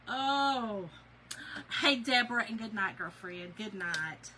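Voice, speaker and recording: With a drawl and a bright voice that sits a little high, a craft channel host chats casually with her livestream viewers from home, a chatty, animated storyteller who laughs often. Faint room noise hums behind her, and the recording is rough.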